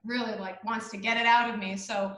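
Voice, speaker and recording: A woman's voice: a little high, level tone, brisk, a bit bright, reverberant, rough recording. A young woman co-hosting a webinar, telling her story casually and acting out the voices in it, with frequent laughs. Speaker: webinar co-host.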